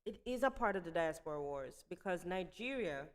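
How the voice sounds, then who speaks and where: A woman co-hosting a stream, teasing and firm in animated casual banter. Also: on the low side, brisk. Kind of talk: casual chat.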